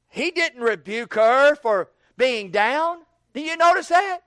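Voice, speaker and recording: A man preaching an evening sermon in a folksy way, repeating words and building up to shouted questions. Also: very high voice, a little slow, few pauses, smooth, no echo, clean studio sound.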